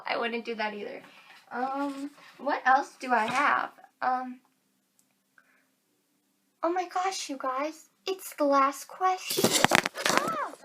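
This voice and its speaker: Chatty teen girl vlogger, high voice. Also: a bit bright, a little hiss or hum. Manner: chatty and giggly, lots of "like". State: tired. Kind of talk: casual chat to camera.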